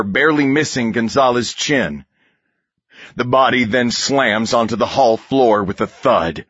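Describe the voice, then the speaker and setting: A man reading a war novel aloud as an audiobook narrator, in steady, measured scripted narration. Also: medium pitch, breathy edge, no room sound, dull audio.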